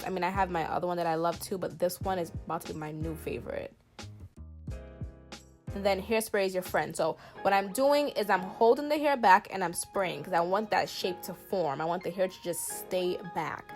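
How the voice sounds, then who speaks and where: A woman's voice: fairly low pitch, moderate pace, soft background music. A woman in her twenties with a Southern US country accent, chatting through a hair tutorial in a playful, emphatic way with lots of fillers. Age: 20s. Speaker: beauty vlogger. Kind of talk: hair tutorial, casual chat to camera.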